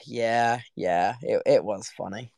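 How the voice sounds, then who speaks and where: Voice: mid-range voice, vocal fry, a little mellow, dry recording. A young adult vlogger, telling a story to camera in a giggly, rambling way that trails off mid-sentence.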